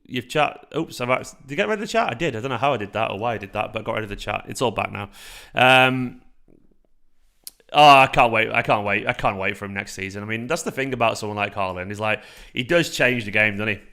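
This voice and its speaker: A man in his thirties hosting a casual fan livestream, excitable and sweary as he reacts to the chat. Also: fairly low pitch, fast talker, vocal fry. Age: 30s. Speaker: fan channel livestream host.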